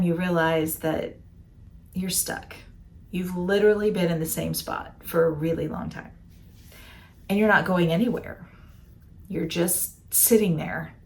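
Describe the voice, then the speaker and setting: Earnest woman coach, lower voice. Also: darkish tone. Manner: conversational, earnest, repeats words while searching. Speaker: betrayal recovery coach. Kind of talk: guided imagery talk to listeners.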